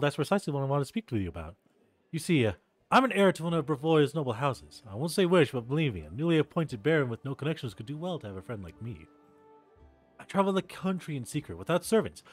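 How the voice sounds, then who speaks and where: A man voicing a polite, eager young male noble heir with a smooth, earnest manner, reading game dialogue aloud. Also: a little high.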